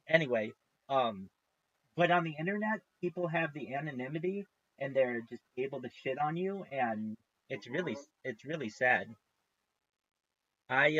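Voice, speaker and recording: A man's voice: fairly high pitch, a bit bright, no echo, lo-fi sound. A man streaming live, chatting casually in a rambling way, with frequent restarts and free swearing.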